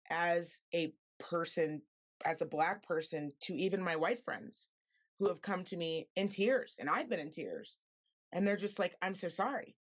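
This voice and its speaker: A woman's voice: lowish voice, fairly bright tone, lo-fi sound. A woman from Reno speaking as a podcast guest in an earnest, impassioned way, repeating points for emphasis. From Reno, Nevada, US. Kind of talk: earnest conversation.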